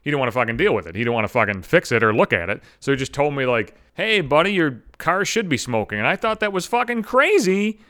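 A man's voice: mid-range voice, big pitch swings, fast, few pauses, sharp tone. A man hosting a podcast, telling a story in a rambling, profane, self-mocking way. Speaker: podcast host. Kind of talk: casual solo storytelling.

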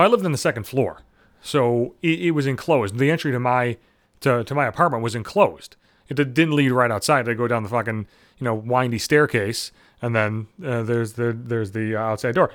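Profane ranting man, lively pitch. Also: dry recording. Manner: angry, sarcastic, swears constantly, acts out both sides of conversations. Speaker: podcast host. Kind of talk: profane comedic rant.

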